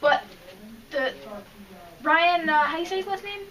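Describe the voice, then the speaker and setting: A woman with a high, bright voice chats eagerly about her reading, getting emotional and tripping over her sentences. She sits some distance from the microphone, so she sounds slightly far off. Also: moderate pace. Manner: chatty and emotional, with frequent restarts. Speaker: podcast co-host. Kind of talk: casual chat reviewing comics.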